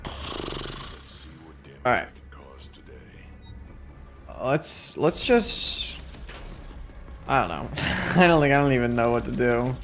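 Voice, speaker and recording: A man's voice: medium pitch, expressive, slow pace, long pauses, a bit bright, soft background music. A young man streaming a video game, sounding exhausted and talking in a rambling, self-deprecating way. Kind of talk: casual gameplay commentary.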